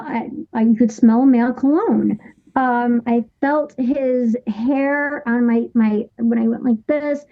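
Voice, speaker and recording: A woman in her thirties, a guest on an interview show, telling a personal story in a halting way with many restarts and fillers. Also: fairly high pitch, phone-quality sound.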